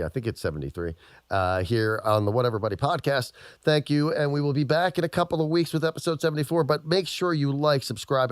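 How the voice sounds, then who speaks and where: A man's voice: medium pitch, clear, resonant tone, no room sound. A man co-hosting a podcast in casual chat, telling rambling stories with plenty of swearing. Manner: profane, rambling storyteller. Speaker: podcast co-host.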